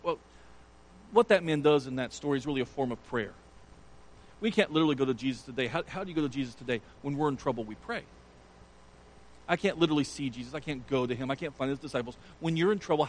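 A man's voice: medium pitch, fast, slight background noise, poor audio. A man preaching a sermon, retelling a scripture story with earnest emphasis. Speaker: pastor.

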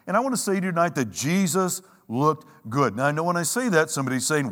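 A man preaching a sermon, emphatic, with dramatic pauses and a slow, weighty delivery when he quotes scripture. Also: a little high, very animated, fairly bright tone. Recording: long reverb of a large hall.

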